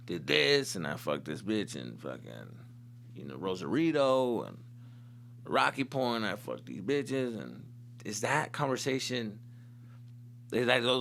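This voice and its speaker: A man's voice: vocal fry, a little hiss or hum. A young man hosting a comedy podcast, telling stories in a loose, profane way and breaking into exaggerated impressions. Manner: animated, profane, swings into loud high-pitched impressions. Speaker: podcast host. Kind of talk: casual comedic storytelling.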